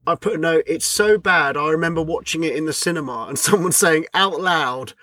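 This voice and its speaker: Higher-voiced laughing man, dry sound. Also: fairly quick, bright, forceful tone, dry recording. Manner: laughs often, sweary, teasing. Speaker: podcast co-host. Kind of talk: casual chat.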